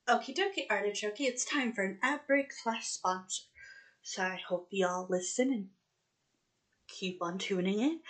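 A woman's voice: mid-range voice, fairly bright tone. A young woman hosting a casual true-crime podcast, talking in a rambling, nervous, self-deprecating way. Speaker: podcast host. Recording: echoey room.

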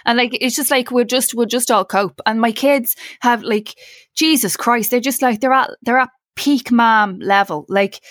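A woman's voice: a little high, normal speed, a bit bright, dry recording, clean studio sound. A woman, co-hosting a podcast and telling comic stories about home life. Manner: chatty, comic storytelling. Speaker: podcast co-host. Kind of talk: casual chat.

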